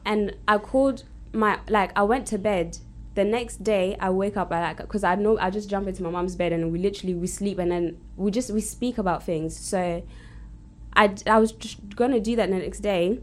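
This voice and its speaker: A woman, a podcast guest in casual chat, talking haltingly with lots of fillers in an even tone. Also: mid-range voice. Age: 20s.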